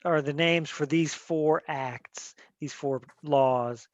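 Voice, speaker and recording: A man teaching a class in a relaxed, rambling way, often restarting his sentences and checking in with the students. His voice sits a little high for a man. The recording is dry and somewhat muffled, like a basic classroom mic. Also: takes it slowly, dry recording. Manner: conversational, many fillers and restarts, asks students questions. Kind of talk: classroom lecture.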